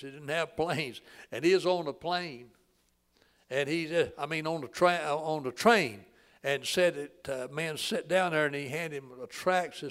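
A man, preaching a sermon in a folksy storytelling way that swells loud and drops to a hush. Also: a little high. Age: 80s.

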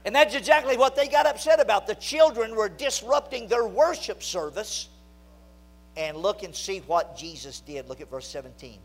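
A man preaching a sermon, telling a story that swings from loud excitement to low, hushed emphasis. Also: normal speed, soft background music, low-quality recording.

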